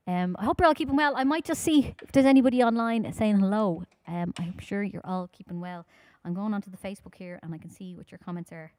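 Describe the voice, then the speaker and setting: A woman from Ireland with a Dublin accent, chatting quickly and informally with her audience between songs at a live-streamed concert. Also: medium pitch, a little mellow, no room sound. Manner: talks fast, chatty and informal, with many fillers.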